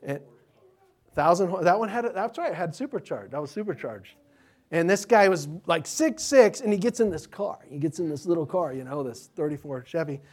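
A middle-aged man, a pastor, telling stories to children in an animated, chatty way, often restarting his sentences. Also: a little high, moderate pace. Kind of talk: children's sermon storytelling.

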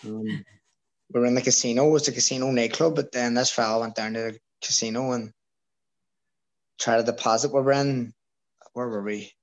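A young Irish man, a guest on the show and a former amateur boxer, tells a rowdy story in casual conversation, swearing freely and acting out what other people said. His voice is medium-pitched and steady, a little fast, with frequent pauses, and the audio quality is poor.

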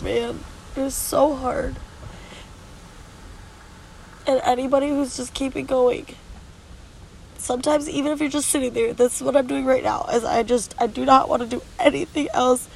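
A worn-out woman who hasn't slept vlogs confessionally at the beach, tearful and congested, her talk weary, rambling, blunt, and full of swearing. She has a high voice with fairly even intonation and vocal fry, speaking at a moderate pace. The recording is rough, with slight background noise.

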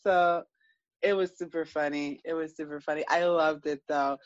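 A woman co-hosting a casual podcast, telling stories in an animated, chatty way. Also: low-pitched, normal speed, dry recording, highs cut off. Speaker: podcast co-host.

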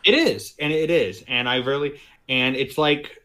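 A man with a bright, forceful voice leads a relaxed podcast conversation. He gets excited and trips over his words, restarting his sentences again and again. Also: mid-range voice, unhurried. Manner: animated, stammering restarts. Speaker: podcast host. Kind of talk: casual chat.

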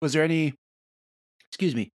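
A man hosts a casual podcast, steering the chat between topics and laughing along with his co-hosts. His voice is a little high and a little fast, recorded at studio quality with no room sound.

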